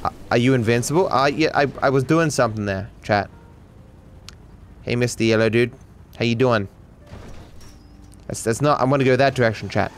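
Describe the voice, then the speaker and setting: A man's voice: medium pitch, normal speed, pauses often, a little hiss or hum. An Australian man giving sarcastic, swearing live commentary on a game as a streamer, talking to his chat.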